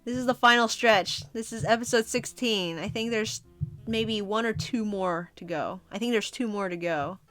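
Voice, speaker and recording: A woman's voice: medium pitch, normal speed, faint music behind. A young woman streaming as she reads a comic aloud, chatting casually with her viewers and using lots of fillers. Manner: chatty, relaxed, many fillers. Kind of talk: casual livestream chat.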